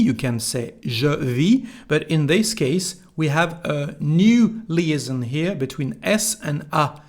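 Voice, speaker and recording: French man teaching pronunciation slowly. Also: a little high, animated, a little mellow. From France. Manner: slow, careful explanations with modeled phrases to repeat. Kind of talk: online language lesson.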